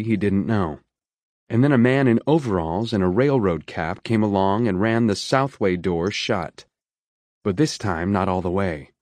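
A man reading an audiobook in a measured, steady storytelling manner on a close studio mic. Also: fairly low pitch, no echo. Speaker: audiobook narrator. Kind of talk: scripted narration.

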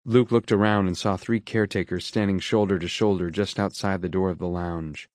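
Male narrator, lowish voice, dry close studio sound, steady reading. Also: brisk, few pauses, no echo. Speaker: audiobook narrator. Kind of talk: scripted narration.

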